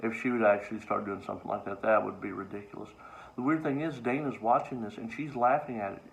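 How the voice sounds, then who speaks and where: A man's voice: on the low side, steady tone, fast talker, gravelly, low-quality recording. Exasperated, wry male comedian telling a story. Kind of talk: casual monologue to camera.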